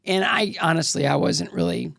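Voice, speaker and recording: A man's voice: on the high side, sing-song, moderate pace, vocal fry, a bit bright, dry recording, clean studio sound. A middle-aged man, a former athlete, telling candid, rambling stories as an interview guest and acting out the voices of people he quotes. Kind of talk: casual storytelling interview.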